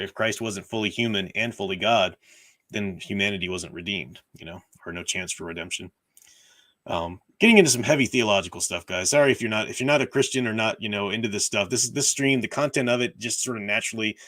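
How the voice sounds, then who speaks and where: A hoarse man with a worn-out voice hosting a casual livestream, rambling with lots of restarts and fillers. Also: on the low side, a bit bright. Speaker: livestream host. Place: at home, room with bookshelves.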